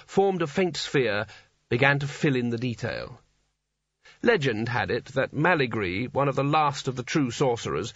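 Husky man narrating a wry story. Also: medium pitch, fairly bright tone, dry recording. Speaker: audiobook narrator. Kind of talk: scripted narration. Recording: dull lo-fi dry recording.

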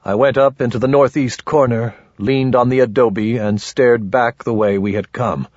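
A man narrating an audiobook in first person with a dry, grumbling, wry manner and a husky voice. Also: medium pitch, steady tone, normal speed, darkish tone, no echo, lo-fi sound.

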